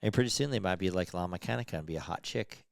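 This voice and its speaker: A man's voice: deep voice, quick pace, gravelly. A man with a nasal voice, talking in a loose, joking way as a podcast co-host. He rambles and restarts his sentences as he goes. The sound is dry and close, with no room echo. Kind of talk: casual chat.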